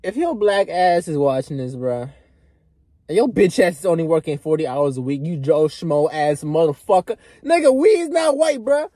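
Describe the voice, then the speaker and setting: A young male vlogger rants straight to camera, loud and profane one moment and muttering the next. His voice is husky and darkly mellow, with a lively, bouncing pitch. The sound is dry and close. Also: moderate pace, no echo. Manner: loud, profane, swings between shouting and muttering. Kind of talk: unscripted rant to camera.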